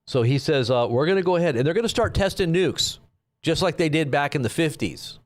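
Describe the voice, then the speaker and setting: A man's voice: on the high side, expressive, brisk. Sarcastic rambling man. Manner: sarcastic, rambling, with frequent restarts. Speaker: live stream news commentator. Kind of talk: casual sarcastic commentary.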